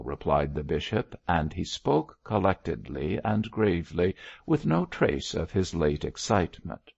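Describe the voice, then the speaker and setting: Male narrator for a classic novel; low gravelly voice, lively intonation. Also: measured pace, hardly any pauses, no room sound, dull audio. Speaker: audiobook narrator. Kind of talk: scripted narration of a Victorian novel.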